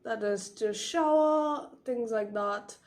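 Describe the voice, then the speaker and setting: Woman teaching a language lesson, kinda high voice, slow with lots of uhs. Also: darkish tone. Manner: explains slowly with fillers, models phrases with rising question intonation. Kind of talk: casual online language lesson.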